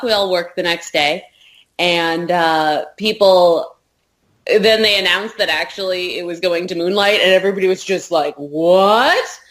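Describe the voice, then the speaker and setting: A woman's voice: on the low side, fairly bright tone. A woman co-hosting a podcast in casual chat, joking and telling stories with plenty of fillers. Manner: chatty and joking, storytelling with fillers. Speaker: podcast co-host.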